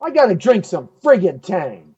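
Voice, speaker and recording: A man's voice: high-pitched, very animated, normal speed, mellow, breathy edge, highs cut off. A man from Southern California hosting a talk show, delivering a heated solo rant full of repeated rhetorical questions. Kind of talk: ranting solo monologue.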